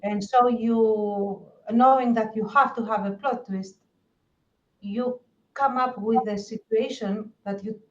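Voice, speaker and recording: A woman with a noticeable accent talks through an idea on a podcast, pausing and restarting as she works it out. Her pitch sits in an ordinary middle range. The audio is slightly dull and lo-fi. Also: reverberant. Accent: non-native English accent. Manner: thoughtful, hesitant restarts. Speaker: podcast co-host. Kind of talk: casual chat.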